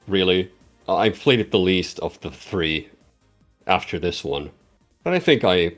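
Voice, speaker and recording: Deep low male voice, hesitant stammering gamer, casual chat, faint music behind. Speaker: racer and guest.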